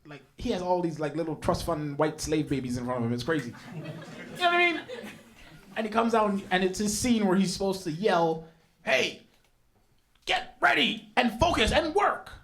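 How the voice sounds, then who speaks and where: Young male comic on stage, higher voice that swings all over, animated storyteller, works the crowd. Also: brisk. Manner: animated storytelling with big voice jumps for quoted people; banters with the crowd. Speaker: stand-up comedian. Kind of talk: stand-up comedy set. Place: comedy stage before a live audience.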